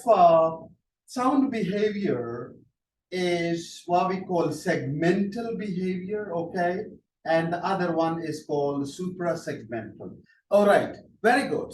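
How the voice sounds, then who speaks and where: Slow-speaking male lecturer in an echoey classroom. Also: high-pitched. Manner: slow, halting delivery with frequent praise and fillers. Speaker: linguistics lecturer. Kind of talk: classroom lecture with questions to students. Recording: echoey room, distant from the mic, faint background noise.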